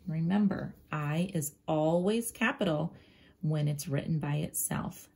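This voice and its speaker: A woman teacher slowly and gently walking young pupils through a writing lesson, often dropping into a soft near-whisper as she draws and spells. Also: low voice, creaky, husky. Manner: slow, gentle, talks directly to young pupils. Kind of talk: children's writing lesson, drawing and thinking aloud.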